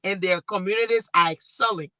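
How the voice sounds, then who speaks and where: Lively Liberian woman panelist telling stories. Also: medium pitch, a little fast, no room sound. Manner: animated storytelling, acts out quoted dialogue. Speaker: panelist and talk show host. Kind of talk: panel discussion.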